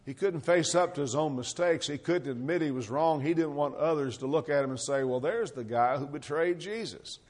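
Male pastor, slightly high voice, preaching with rhetorical questions. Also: normal speed, hardly any pauses, darkish tone. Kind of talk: sermon.

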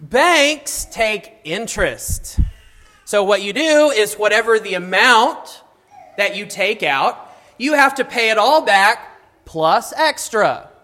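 A man teaching a classroom of high schoolers, talking casually, adding wry asides and often checking in with "okay?". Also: expressive, slow, sharp tone. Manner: mildly sarcastic asides. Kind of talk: classroom lesson. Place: classroom with students.

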